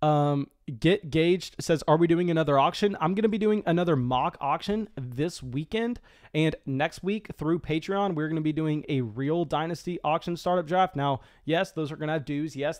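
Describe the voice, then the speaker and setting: Excitable man with restarts, commentating a draft. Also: fairly high pitch. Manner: quick, excitable, frequent stammered restarts. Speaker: fantasy football streamer.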